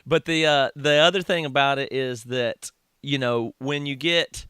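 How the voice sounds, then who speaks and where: A man's voice: mid-range voice, steady tone, unhurried, sharp tone, clear, resonant tone, no room sound, clean studio sound. A man with a Southern US accent, hosting a podcast in casual interview chat, easygoing and laughing often. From American South. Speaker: podcast host.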